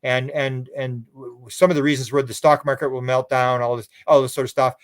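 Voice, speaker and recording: A man's voice: medium pitch, flat delivery, brisk. A man talking as a radio show guest in a loose, rambling way, often repeating words and restarting sentences. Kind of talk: casual radio interview talk.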